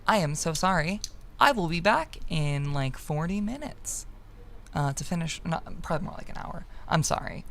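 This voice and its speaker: Low-voiced young woman streamer, apologetic. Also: expressive, moderate pace, gravelly, fairly bright tone. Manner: apologetic, hesitant with fillers. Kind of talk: casual streaming chat.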